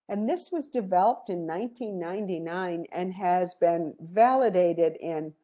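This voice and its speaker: A woman giving an educational presentation on grief, calm and gentle, explaining through stories. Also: mid-range voice.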